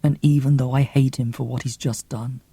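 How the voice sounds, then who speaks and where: A man's voice: mid-range voice, level tone, fairly quick, mellow, breathy edge, no room sound. A man reading an audiobook expressively, with theatrical gasps and whispers. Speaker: audiobook reader.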